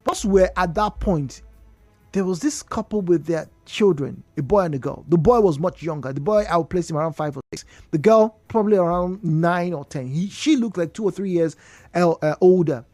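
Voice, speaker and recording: Speaking at a moderate pace in a fairly low voice, this Nigerian radio host runs a call-in talk show from the studio. Her storytelling is lively and full of emphatic repetition, captured on a studio mic with no room sound and faint music behind her.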